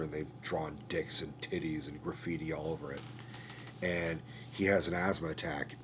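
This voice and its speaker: Deep-voiced man ranting about a movie. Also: background noise. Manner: rambling, profane, conversational. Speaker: podcast host. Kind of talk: casual movie review rant.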